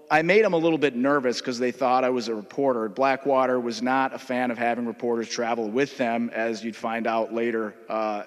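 A legislator with a Minnesotan accent speaks from a podium microphone, telling a long anecdote in a loose, halting way full of fillers. His middle-pitched voice rings out with the long reverb of a large legislative chamber. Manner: conversational, halting, many uh fillers. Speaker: state legislator. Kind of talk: memorial floor speech, anecdotal storytelling.

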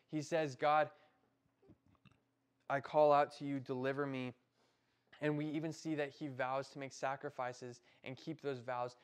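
A young man with an American accent preaches to a group of middle schoolers, his pitch sitting right in the middle of the range. He keeps it loose and chatty, checking in with the kids as he goes. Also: clean tone. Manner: casual, conversational preaching with frequent "right?" and "like". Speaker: youth pastor.

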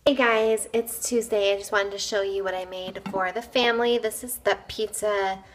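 A young woman talks through her day for a family vlog. She is chatty and upbeat, her pitch sits in an ordinary middle range, and she leans on casual fillers as she goes. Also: fairly even intonation, moderate pace, a little hiss or hum. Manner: chatty and upbeat, often saying "like" and "um". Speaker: family vlogger.

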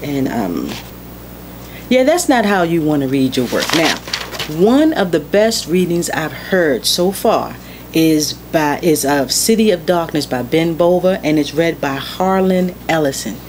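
A woman with a low voice hosts a casual talk on writing. She is chatty and often stops herself to start again. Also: sing-song, a little slow, darkish tone, slight background noise. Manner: chatty, self-interrupting. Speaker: writing vlog host.

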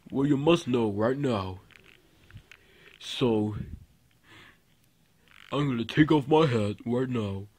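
A man improvising a toy puppet skit, rambling and repetitive, with many fillers. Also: mid-range voice. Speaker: puppet show performer.

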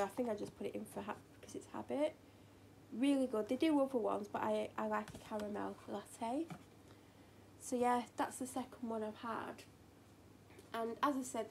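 A woman's voice: fairly high pitch, darkish tone, slight background noise. A woman with a British accent, chatting and rambling on in a hyper way in a home vlog from her kitchen. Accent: British English. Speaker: vlogger.

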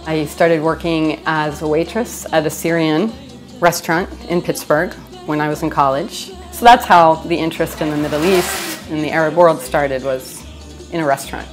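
A woman's voice: low voice, fairly even intonation, normal speed. A woman anthropologist in a documentary interview, talking reflectively and conversationally with many "you know" fillers and dropping in Arabic phrases. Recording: music playing under the voice.

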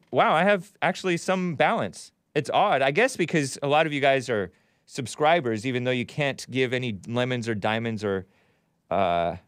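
A man's voice: medium pitch, dry recording. Dry-sounding man hosting a live show. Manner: sardonic, laughs often. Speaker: host. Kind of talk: casual live show commentary.

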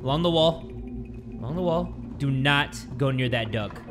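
A young man giving jokey, excitable commentary while playing a game, jumping between loud yelps and low mutters. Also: moderate pace, music in the background. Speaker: gaming YouTuber. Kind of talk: let's play commentary.

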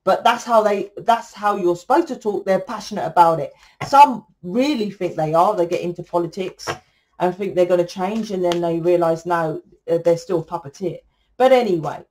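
A woman's voice: mid-range voice, a little mellow. A British woman tarot reader talking to camera in a blunt, ranting, freely swearing monologue.

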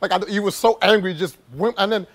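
A man's voice: high voice, fast, gravelly, a bit bright. A man casually telling a personal story to camera as a travel vlogger, rambling and filling his talk with "like". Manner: rambling, heavy use of "like", laughs while telling.

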